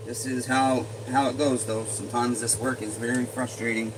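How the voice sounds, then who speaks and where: Flat-voiced man muttering in a workshop. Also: medium pitch, moderate pace. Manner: mutters and swears under his breath as he works. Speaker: chainsaw repair streamer. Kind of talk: casual livestream talk while working. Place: repair workshop. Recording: steady air-conditioning hum.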